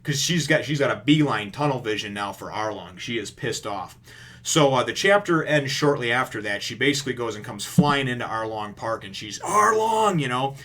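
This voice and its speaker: Male vlogger, casual comic recap, profane, rambling, mid-pitched voice. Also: a little fast. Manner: rambling, profane, animated retelling.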